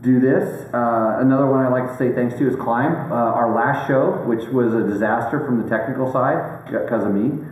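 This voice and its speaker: A man's voice: mid-range voice, normal speed, few pauses, darkish tone. A man hosting a casual chat, rambling and joking with lots of fillers and restarts. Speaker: host. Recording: very echoey room, faint background noise.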